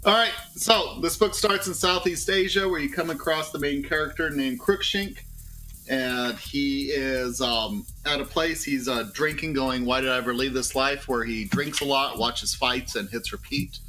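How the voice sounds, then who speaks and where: A man's voice: mid-range voice, a little slow, bright, forceful tone, a little hiss or hum, rough recording. A man co-hosting a podcast, casually summarizing a comic book plot with lots of fillers and asides. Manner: rambling, with many fillers. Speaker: podcast co-host.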